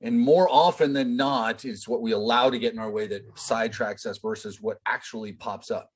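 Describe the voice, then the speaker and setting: Man, business coach, husky voice, mid pitch, casual rambling teaching on a video call. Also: steady tone, moderate pace. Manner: conversational, filler-heavy, addresses the group directly.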